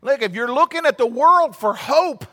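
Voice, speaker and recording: High-voiced man preaching in echoing hall. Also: lively intonation, normal speed, pushed and bright. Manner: conversational storytelling, building to emphatic outbursts. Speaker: pastor. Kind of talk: sermon. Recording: long hall reverb.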